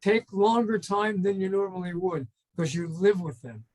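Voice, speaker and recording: A man's voice: high voice, lively intonation, moderate pace, darkish tone, poor audio. An older man, a trainer and consultant, guesting on an interview and telling rambling stories that act out phone calls. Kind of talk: casual storytelling in an interview.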